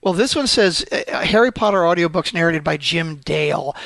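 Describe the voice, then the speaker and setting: Brief: high-pitched male co-host, teasing and chatty, dry sound. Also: animated, normal speed, vocal fry, a bit bright, dry recording. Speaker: podcast co-host. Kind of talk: casual chat.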